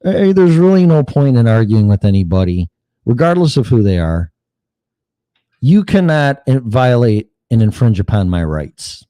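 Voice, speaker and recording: A man rants through a solo political show, blunt and profane, mocking the other side. His pitch swings widely, his tone is mellow and dark, and the sound is dry and close. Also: big pitch swings, moderate pace, dry recording. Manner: blunt, heated, swears often, mocks opponents in put-on quotes. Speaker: podcast host.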